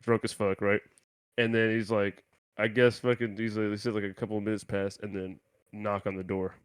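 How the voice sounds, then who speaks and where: Low-voiced man telling crude stories. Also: flat delivery, fairly quick, clean tone, no room sound. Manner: crude, rambling storyteller with slangy asides. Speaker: podcast co-host. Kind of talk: casual chat.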